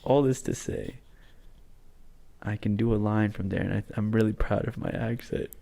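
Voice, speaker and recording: A man's voice: lowish voice, steady tone, moderate pace, creaky, dark tone. A man in his twenties co-hosting a podcast, chatting casually and rambling with lots of fillers. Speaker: podcast co-host. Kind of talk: casual chat.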